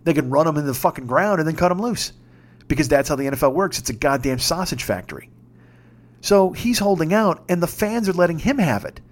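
A man in his fifties telling a story in a casual podcast monologue, swearing freely and shouting when he gets worked up. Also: a little high, lively intonation, brisk. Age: 50s. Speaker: podcast host.

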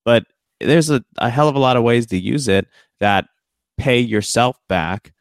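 A man's voice: medium pitch, animated, normal speed, dry recording, clean studio sound. A man co-hosting a podcast in casual chat, talking in a reflective, earnest way with frequent "you know" fillers. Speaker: podcast co-host.

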